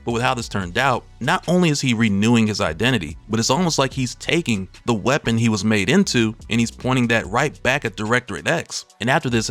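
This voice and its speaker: A man hosting a casual comic book recap, chatty and quick to laugh at his own asides. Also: mid-range voice, a bit bright.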